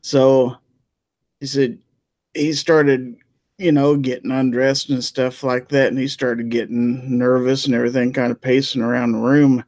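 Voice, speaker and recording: A man of middle pitch tells a rambling joke in folksy, homespun fashion, checking in with his listeners as he goes. His voice is recorded close and dry. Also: flat delivery, a little slow, darkish tone, dry recording. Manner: folksy storyteller, peppering lines with "okay?". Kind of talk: casual joke-telling chat.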